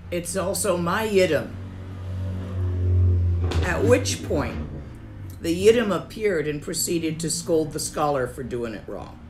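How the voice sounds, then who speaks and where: A woman giving a Buddhist teaching, calm and emphatic, repeating her key phrases with deliberate weight. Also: deep voice, music in the background. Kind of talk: slow, deliberate dharma teaching.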